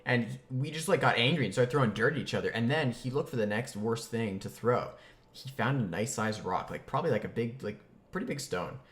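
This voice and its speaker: A man casually telling a comic childhood story, chatty and animated, with lots of fillers and bursts of mock outrage. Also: medium pitch, fairly quick.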